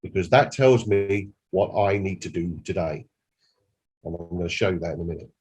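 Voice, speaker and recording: A man's voice: deep voice, fairly even intonation, moderate pace, a little mellow, husky. A man, a company director, giving an emphatic, repetitive training presentation and demonstrating on screen.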